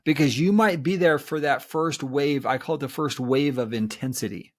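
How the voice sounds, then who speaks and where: A man's voice: mid-range voice, moderate pace. Earnest man explaining with repeated restarts. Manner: earnest, repeats words when starting a thought. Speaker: guest expert on betrayal recovery. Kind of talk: explanatory interview talk.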